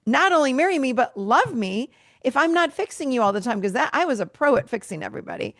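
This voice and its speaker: Animated storytelling woman, fifties. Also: high-pitched, fast, no echo, studio quality. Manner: animated storyteller, acts out quoted dialogue. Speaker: guest, therapist. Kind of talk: candid conversational interview.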